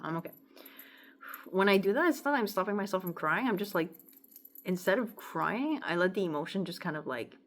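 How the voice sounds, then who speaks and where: A woman with a lowish voice rambles to camera about her songs, filling the gaps with "like" and drifting into soft murmurs when the feelings rise. Her throat is itching from talking, and a faint room hiss sits underneath. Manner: rambling and chatty, heavy use of "like", softening into murmurs when emotional. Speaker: songwriter sharing her lyrics. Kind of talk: casual talk to camera, reading lyrics aloud.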